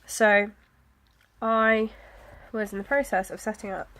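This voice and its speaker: A woman, chatting casually about her planner, with soft, self-deprecating asides and frequent fillers. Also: medium pitch, little pitch movement, measured pace, a little hiss or hum. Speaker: planner vlogger. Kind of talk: casual chat.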